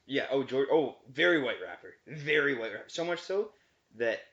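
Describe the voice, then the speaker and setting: A young man trading jokes on a podcast, his pitch jumping around as he laughs and plays up sarcasm. The sound is a little dull and lo-fi. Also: animated, a bit bright, echoey room. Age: young adult. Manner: joking, quick to laugh, sarcastic. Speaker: podcast co-host. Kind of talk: casual chat among friends. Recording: slightly muffled lo-fi audio.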